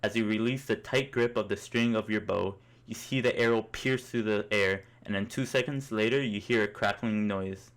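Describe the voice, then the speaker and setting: A man's voice: fairly low pitch, normal speed, few pauses. A young man narrating a comic story in the second person, in an amused, mock-epic way.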